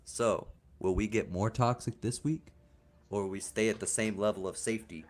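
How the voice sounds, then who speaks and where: A man's voice: on the low side, steady tone, normal speed, slight background noise. A man hosting a podcast in a casual, playful and crude joking manner. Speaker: podcast host.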